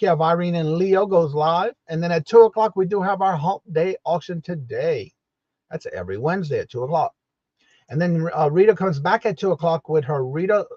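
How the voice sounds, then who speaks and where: A man's voice: a little high, a little mellow, no room sound. A man hosting a casual morning live stream, greeting viewers by name in a repetitive, upbeat way and reading out a schedule. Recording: dull lo-fi dry audio.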